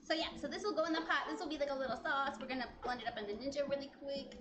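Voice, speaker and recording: A woman's voice: high-pitched, steady tone, very fast, reverberant, background noise. A woman in her late thirties chatting casually while cooking on a live stream, self-mocking and laughing often, teary from onions. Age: late 30s.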